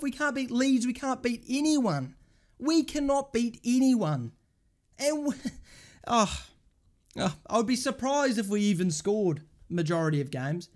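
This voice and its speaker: A woman's voice: on the high side, a little mellow. A woman hosting a football fan channel, ranting angrily about her team with lots of swearing and exasperation. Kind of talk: angry match rant.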